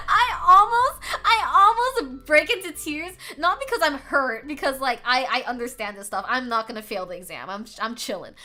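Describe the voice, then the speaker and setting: Lively high-voiced young woman streamer. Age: young adult. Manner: animated, laughs often, swears freely. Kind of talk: casual storytelling to a live chat. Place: home streaming setup.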